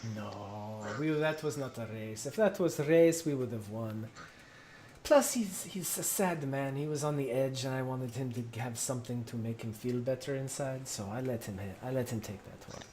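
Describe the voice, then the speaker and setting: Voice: mid-range voice, moderate pace, mellow, slight background noise, natural voice. A game master voicing a boastful, scheming male ship captain with a grand, self-praising manner. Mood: self-justifying.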